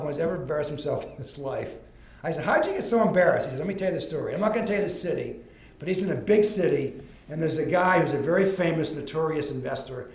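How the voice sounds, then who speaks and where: An older man tells stories to a live crowd in a folksy, animated way. His voice sits high for a man. The sound carries a roomy echo from the event space. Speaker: motivational speaker. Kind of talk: storytelling talk to a live audience. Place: event room.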